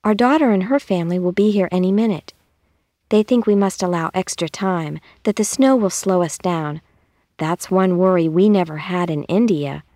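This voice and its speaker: A woman's voice: fairly low pitch, normal speed, dark tone, no room sound, studio quality, close to an everyday voice. A woman voicing a welcoming grandmother in a storybook reading.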